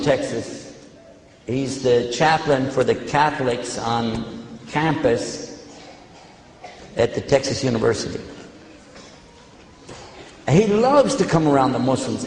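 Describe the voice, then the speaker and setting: An older man speaks to an audience through a handheld microphone, his voice a little high for a man. He tells his stories in an animated way. The sound rings with long reverb in a large hall. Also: a little hiss or hum. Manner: storytelling, animated when retelling events. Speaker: preacher answering questions. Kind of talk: public talk to an audience.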